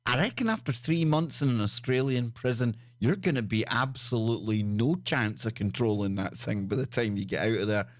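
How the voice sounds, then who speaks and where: A man's voice: medium pitch, brisk, few pauses, no room sound, clean studio sound. A man hosting a live stream, riffing crudely and jokily on odd news stories with stammered restarts. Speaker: show host.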